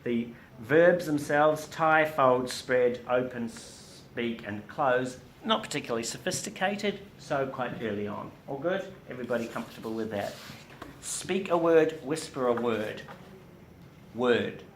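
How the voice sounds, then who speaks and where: Animated woman teaching a class. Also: a bass voice, unhurried. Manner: animated, demonstrative, quizzes the class. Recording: echoey classroom, faint room noise.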